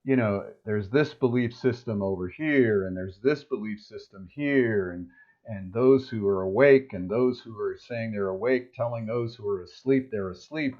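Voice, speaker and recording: A man's voice: lowish voice, muffled recording. A man co-hosting a casual spiritual chat show, talking in a loose, rambling way. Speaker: co-host.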